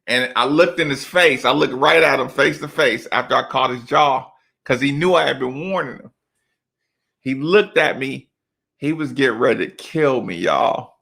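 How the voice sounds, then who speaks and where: Gravelly man telling loose basketball stories. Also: medium pitch, sharp tone. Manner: loose, slangy storytelling with lots of asides. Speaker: former college basketball player, podcast guest. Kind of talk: casual storytelling chat.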